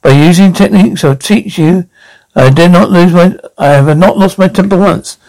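A prim, defensive anger-management counsellor in a comedy sketch. He speaks formally and stiffly, in a voice that sits fairly high with a gravelly edge. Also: normal speed, darkish tone, low-quality recording.

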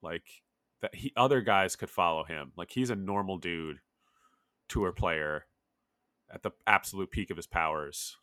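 A man's voice: low-pitched, unhurried, bright, forceful tone, no room sound, clean studio sound. A man chatting casually about golf as a podcast co-host, rambling with lots of filler words.

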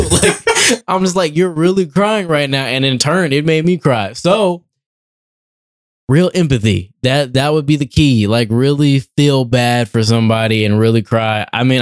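A man's voice: medium pitch, clean tone. Young man telling stories with laughs. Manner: animated storyteller who laughs often. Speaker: guest actor. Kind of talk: casual interview chat.

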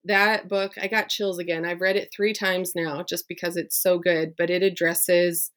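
A woman's voice: lowish voice, level tone, normal speed, fairly bright tone. A woman business coach, a podcast guest, talking casually and eagerly with lots of fillers. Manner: chatty and enthusiastic, many "like" fillers. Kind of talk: casual conversational interview.

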